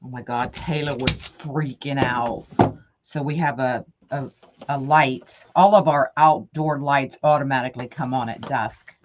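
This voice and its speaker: A woman's voice: extremely low pitch, steady tone, a little slow, muffled recording, noisy background. A middle-aged woman who hosts a craft livestream, chatting with viewers by name and thinking aloud as she works. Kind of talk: casual livestream chat while crafting.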